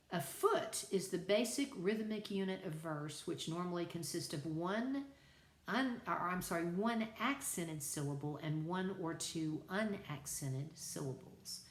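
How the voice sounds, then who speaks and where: A middle-aged woman teaching a college writing class in a chatty, conversational lecture style with asides to her students. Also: sits low. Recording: echoey room.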